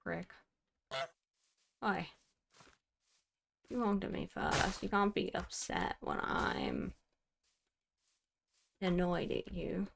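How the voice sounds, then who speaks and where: A woman's voice: fairly low pitch, wildly swooping pitch, slow pace, gravelly, pauses often, a bit bright, a little hiss or hum. Wry woman muttering through gameplay. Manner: chatty, wry self-talk, mock-indignant. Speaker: streamer. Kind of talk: casual gameplay commentary to herself.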